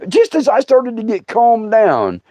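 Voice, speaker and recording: A middle-aged man, hosting a comic storytelling livestream, laughing through his tale and breaking into loud outbursts. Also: extremely high pitch, huge pitch swings, unhurried, no room sound. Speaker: comedian host. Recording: dull, dry sound.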